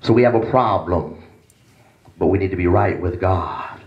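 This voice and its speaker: A man's voice: moderate pace, echoey room, muffled recording. A man, a pastor, preaching a sermon with emphatic, dramatic delivery. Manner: emphatic, dramatic swings between low and raised delivery. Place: church.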